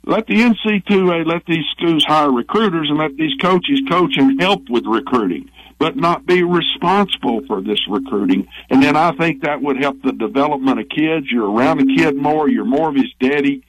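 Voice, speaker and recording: A man's voice: fairly high pitch, normal speed, hardly any pauses, rough recording. A man with a Southern American accent, a former athletic director giving opinionated, rambling views as a radio guest. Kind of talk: phone-in guest interview.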